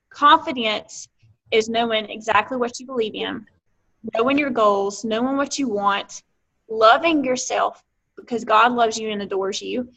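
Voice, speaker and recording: Bright-voiced Alabama woman giving a pep talk. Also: fairly high pitch, poor audio. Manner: earnest, emphatic, acts out quoted exchanges. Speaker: guest speaker on a team coaching call. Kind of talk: motivational talk. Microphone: phone or computer on a conference call.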